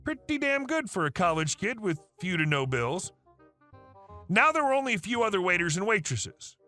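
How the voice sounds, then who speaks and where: A man's voice: high voice, sing-song, moderate pace, bright, forceful tone. A man narrating online stories in a casual, wry storytelling tone. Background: faint music.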